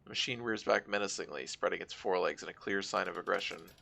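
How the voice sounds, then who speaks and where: A man's voice: sits low, fast talker, gravelly. A man streaming a game, reading its narration aloud with casual asides. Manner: casual asides between steady read narration. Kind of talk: reading a game's text aloud while playing.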